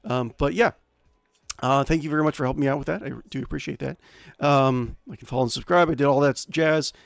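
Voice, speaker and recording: A man's voice: mid-range voice, fast talker, vocal fry, no room sound. A man chatting casually on a live stream as a variety game streamer, rambling with lots of fillers and self-corrections at his home setup.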